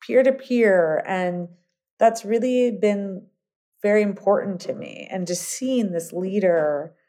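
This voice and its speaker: A middle-aged woman entrepreneur telling long stories in a casual interview, rambling and animated, full of fillers and restarts. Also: medium pitch, slow pace. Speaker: guest entrepreneur.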